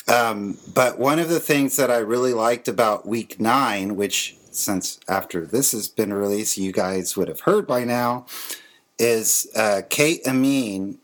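A man hosting a podcast chat, rambling and hesitant with lots of fillers. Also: on the low side. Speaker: podcast host and producer. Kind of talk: casual chat.

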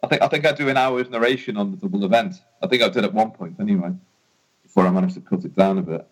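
A man who narrates the series, chatting quickly and a little unsure. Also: fairly low pitch, breathy edge, low-quality recording. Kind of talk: casual chat.

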